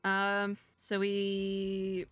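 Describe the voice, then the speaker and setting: A woman doing let's play commentary, reading game text aloud and chatting in an excitable, nervous way. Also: mid-range voice, extremely slow, clear, resonant tone, dry recording. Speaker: gaming video creator.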